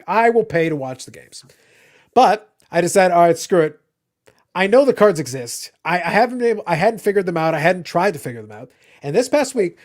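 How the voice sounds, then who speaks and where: A man from Canada hosting a casual livestream, ranting in animated bursts and cursing freely. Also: high voice. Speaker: livestream host. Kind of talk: casual chat.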